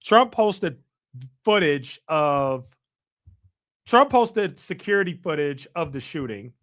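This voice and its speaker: A man's voice: a little high, sing-song, slow, a bit bright. A man hosting a live stream, ranting in exasperated casual reaction commentary and swearing freely.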